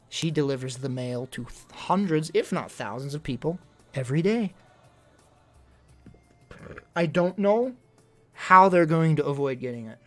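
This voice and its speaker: A man's voice: fairly high pitch, a bit bright. A young man venting in casual livestream chat, rambling and exasperated, full of fillers.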